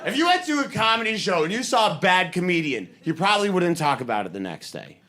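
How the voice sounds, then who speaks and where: A man from the Boston area performing a stand-up comedy set, telling stories quickly and animatedly, with bursts of shouting. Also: sits high, very animated. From Boston area, USA.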